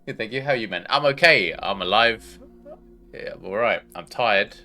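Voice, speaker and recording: A man's voice: lowish voice, lively intonation, normal speed, sharp tone. A man livestreaming a game, chatting casually in a rambling, sweary way at a home desk mic. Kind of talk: casual chat while gaming.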